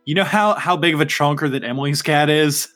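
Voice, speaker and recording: A man narrating a tabletop game as game master, chatty and relaxed, with many fillers. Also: a little high, fairly quick, faint music behind.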